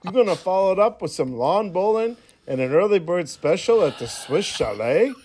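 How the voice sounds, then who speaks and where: A man's voice: high-pitched, very animated, normal speed, darkish tone, a little hiss or hum. A man in a played voicemail, putting on a brash Canadian accent and roasting the hosts with taunting slang. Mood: mocking. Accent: put-on Canadian. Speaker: voicemail caller.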